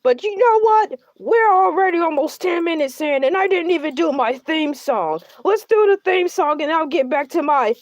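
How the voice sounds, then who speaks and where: A woman's voice: extremely high pitch, animated, normal speed, few pauses, no room sound. A woman doing a needy, boastful shark host. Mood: chatty. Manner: whiny, self-centered, rambling. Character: boastful needy talk-show shark, male. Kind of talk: comedic character livestream.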